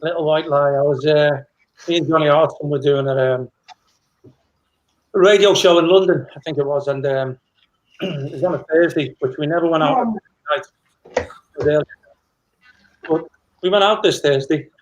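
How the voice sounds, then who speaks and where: A man's voice: fairly high pitch, moderate pace, pauses often, highs cut off. A middle-aged man, a former footballer, telling anecdotes in a rambling casual chat with many restarts.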